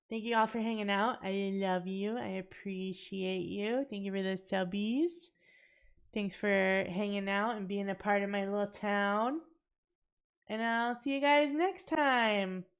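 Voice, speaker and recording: A sleepy woman streamer with a raspy voice, chatting casually to her chat and to herself as she plays. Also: mid-range voice. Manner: chatty, talks to chat and herself, laughs often.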